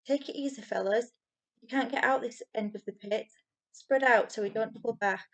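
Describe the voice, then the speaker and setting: A woman voicing a rough, threatening eldest boy who leads a gang. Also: fairly high pitch, moderate pace. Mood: bossy.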